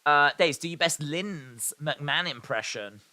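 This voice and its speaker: Male stream host, fairly high and bright-toned, deadpan sarcastic play-by-play with comment reading. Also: measured pace. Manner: dry and sarcastic, reading viewer comments aloud. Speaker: live stream host reacting to wrestling. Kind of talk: live watch-along commentary.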